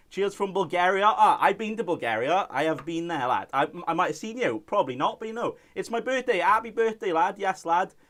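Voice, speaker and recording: A man's voice: high voice, lively intonation, brisk, a bit bright. A young man from Wales, hosting a casual live-stream chat and reading out viewer messages in a jokey way.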